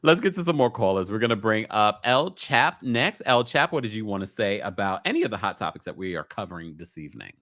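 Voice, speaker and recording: A man's voice: on the low side, very animated, fast, hardly any pauses, a bit bright, no room sound, clean studio sound. A man with a New York accent hosting a casual live-stream call-in show, reading out viewer comments and laughing often. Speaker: livestream host.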